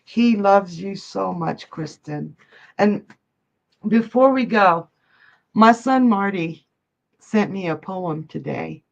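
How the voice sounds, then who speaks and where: A psychic medium and card reader reads out viewers' messages during a live stream, emotional and frequently laughing. She has a fairly low, creaky voice, and the audio sounds dull.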